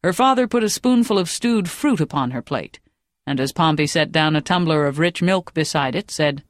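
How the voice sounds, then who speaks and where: A woman's voice: sits low, lively intonation, moderate pace, no room sound. Woman narrating an audiobook, dry close sound.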